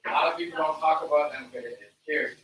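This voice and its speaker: A man's voice: fairly high pitch, steady tone, quick pace, a bit bright. Casual man on a livestream, echoey. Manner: loose, repetitive, talks to viewers directly. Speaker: live stream host. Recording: echoey room, far from the mic, faint noise.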